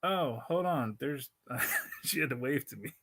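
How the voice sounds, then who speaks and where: A man's voice: medium pitch, lively intonation, measured pace, bright, forceful tone. A man hosting a casual livestream, rambling and interrupting himself, talking into a laptop mic, with a Spanglish accent. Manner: rambling, self-interrupting, laughs often. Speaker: livestream host.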